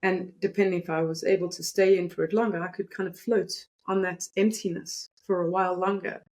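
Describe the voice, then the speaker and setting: A woman's voice: lowish voice, steady tone, a little fast, a little mellow, poor audio. A woman energy coach explaining breathing and compassion techniques in a guided, instructive way. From South Africa. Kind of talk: teaching interview talk.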